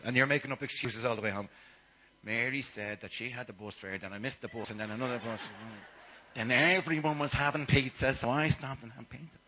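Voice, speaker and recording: A man preaching a sermon, telling the story with animated shifts from loud to near-whispered asides. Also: medium pitch, a little hiss or hum, low-quality recording.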